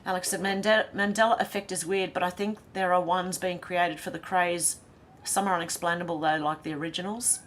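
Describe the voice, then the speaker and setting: A woman's voice: fairly low pitch, steady tone, brisk, hardly any pauses, a little hiss or hum. A middle-aged Australian woman hosting a casual livestream, reading viewer comments aloud with giggly, chatty asides. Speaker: livestream host.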